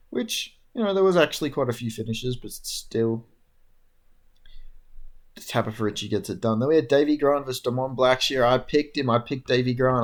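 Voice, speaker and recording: A young man casually recapping MMA fights alone, rambling and tired, with lots of fillers and casual swearing. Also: mid-range voice. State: tired, yawning. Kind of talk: casual solo recap talk.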